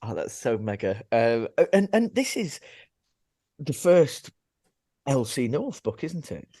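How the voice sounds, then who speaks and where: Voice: mid-range voice, big pitch swings, a little slow, mellow, no echo, clean studio sound. Gushing podcast host. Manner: enthusiastic, gushing. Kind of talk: casual interview chat.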